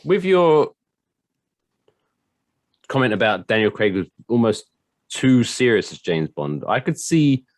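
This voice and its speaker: A man's voice: mid-range voice, measured pace, long pauses, no room sound. A man co-hosting a podcast, teasing his partner in casual chat. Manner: teasing, animated. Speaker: podcast co-host.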